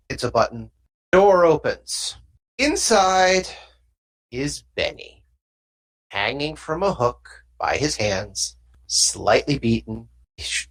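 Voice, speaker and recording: A Southern US game master narrates a tabletop game in a relaxed, chatty way. The voice moves freely up and down as scenes unfold. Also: mid-range voice. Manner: casual, loose, chatty.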